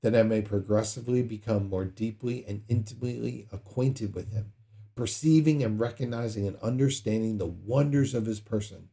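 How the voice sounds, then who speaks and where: A man's voice: on the low side, gravelly, warm tone. A man preaching a sermon in a conversational way, acting out prayers with sudden dramatic outbursts. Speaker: pastor.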